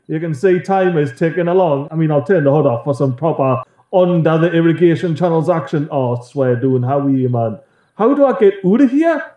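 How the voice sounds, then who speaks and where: A man chatting excitably through a let's-play video and talking to his game characters. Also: a little high, muffled recording. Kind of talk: casual gameplay commentary.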